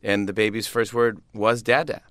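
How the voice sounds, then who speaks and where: A man's voice: on the low side, moderate pace, fairly bright tone, smooth, dry recording, clean studio sound. A man, a comedian guest, chatting casually in an interview, laughing often and restarting his sentences.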